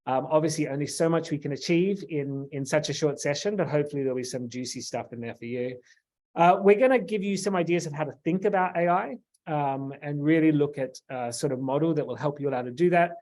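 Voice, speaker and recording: A chatty man with a fairly high voice hosts a webinar and leads the group through the plan for the session. He talks loosely with plenty of fillers, like on a video call. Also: quick pace, a little mellow. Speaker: webinar host, company founder. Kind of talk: webinar presentation.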